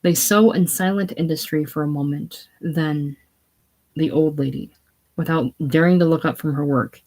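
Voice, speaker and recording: A reader casually reading stage directions of an old teleplay aloud in a plain, unhurried way. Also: mid-range voice, a little mellow, rough recording.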